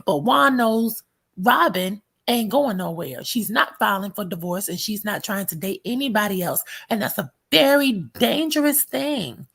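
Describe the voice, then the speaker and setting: A woman hosting a reality TV recap show, blunt and sarcastic, with a quick put-down for everyone she talks about. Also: medium pitch, animated, vocal fry, a bit bright, breathy edge. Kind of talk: sassy reality TV recap commentary.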